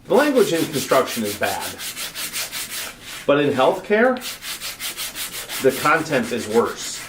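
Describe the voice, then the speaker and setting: A man co-hosting a craft livestream, reading viewer comments aloud in a relaxed, joking way. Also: mid-range voice, slow pace. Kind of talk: casual livestream chat. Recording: roomy, distant mic with clear background noise.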